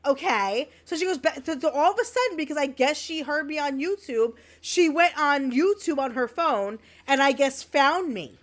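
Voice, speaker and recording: A woman's voice: high-pitched, animated, moderate pace, hardly any pauses. A woman co-hosting a podcast, telling a story in a brash, swear-filled casual chat. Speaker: podcast co-host.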